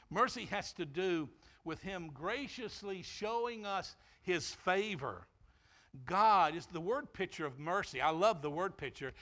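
Man preaching a sermon, slightly high voice. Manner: preaching, drops to a quiet storytelling tone for anecdotes. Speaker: pastor.

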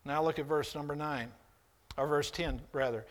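A man preaching a sermon, reading scripture with deliberate weight and rising to loud, high emphasis before dropping soft again. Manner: preaches slowly, swelling loud and high when voicing God's rebuke, then dropping soft; reads scripture in King James wording with deliberate weight.

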